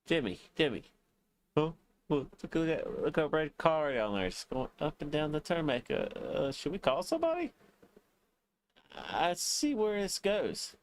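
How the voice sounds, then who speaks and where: Joking male co-host, expressive. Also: on the high side, moderate pace. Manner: jokey interjections, mock voices. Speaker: podcast co-host. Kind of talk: casual banter.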